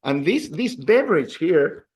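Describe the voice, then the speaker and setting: A man teaching a Spanish class to adult students in a classroom. He explains with halting repeated words and teases his students in a playful way. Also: fairly high pitch, sing-song, darkish tone. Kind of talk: classroom language lesson.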